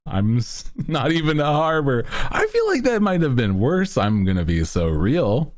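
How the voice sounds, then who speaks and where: A man's voice: mid-range voice, huge pitch swings, moderate pace. A man streaming, chatting casually to his chat in a laid-back, rambling way with lots of fillers. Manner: bursts into loud laughter.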